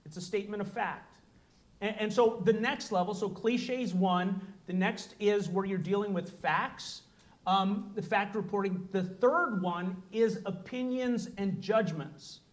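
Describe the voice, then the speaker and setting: Presenter: man with a high, light voice, earnest and explanatory, speaking to a live audience. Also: unhurried. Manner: earnest, explanatory, acts out short dialogues. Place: room with an audience.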